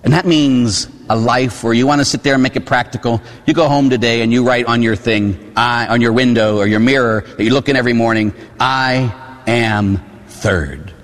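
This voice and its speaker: A priest in his forties from Pittsburgh, preaching a sermon with animated storytelling and asides to the congregation. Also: medium pitch, brisk, hardly any pauses, long reverb tail. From Pittsburgh, USA. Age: 40s. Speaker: Catholic priest. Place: church.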